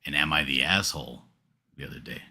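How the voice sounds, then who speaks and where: A man's voice: rumbling low, a little fast, vocal fry, pushed and bright, slightly rough. A man in casual podcast banter who speaks wryly and steers the segment along.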